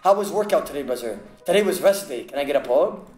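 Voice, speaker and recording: A man's voice: fairly high pitch, lively intonation, fast talker, roomy sound, over music, rough recording. A man streaming a game live, chatting playfully and greeting viewers by name. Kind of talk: casual live-stream chat.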